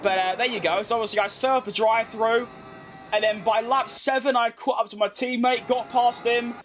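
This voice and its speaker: Chatty young British man with a high voice. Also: fairly even intonation, normal speed, soft background music. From Britain. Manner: chatty, blunt, reads chat and banters back. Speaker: gaming streamer. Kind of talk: casual commentary over gameplay.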